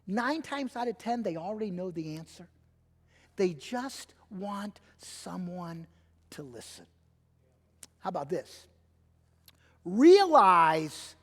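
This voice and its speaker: Middle-aged male pastor, high pitched and emphatic, sermon in a reverberant hall. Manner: animated, emphatic preaching with acted-out quotes. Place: church sanctuary. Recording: long church hall reverb.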